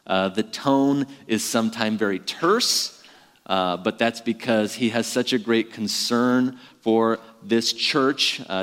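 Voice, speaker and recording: A man's voice: fairly low pitch, big-room sound. A man in his thirties, a pastor preaching a sermon in a conversational, self-deprecating way with many fillers.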